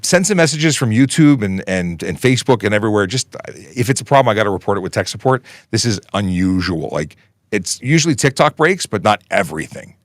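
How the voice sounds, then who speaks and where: A man in his forties hosts a police Q&A livestream from a podcasting station. His voice sits a little low and sounds dry and close. He chats in a loose, rambling way, drifting into joking asides and restarting his sentences. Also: big pitch swings, a little fast, no echo. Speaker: police constable hosting a Q&A livestream. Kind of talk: casual livestream chat.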